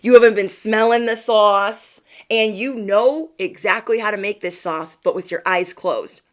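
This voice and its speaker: A woman speaking at a middle pitch, reading tarot cards live for her viewers. Her delivery is chatty and playful, and she keeps tossing back quick "okay?" check-ins. She sounds encouraging and talks straight to the people watching. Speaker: tarot reader. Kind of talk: livestream card reading.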